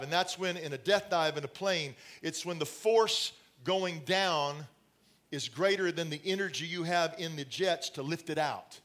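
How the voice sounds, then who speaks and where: A man's voice: on the high side, a bit bright. A middle-aged man preaching a sermon to a congregation, telling stories with laughs and asides. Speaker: pastor. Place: church in front of a congregation.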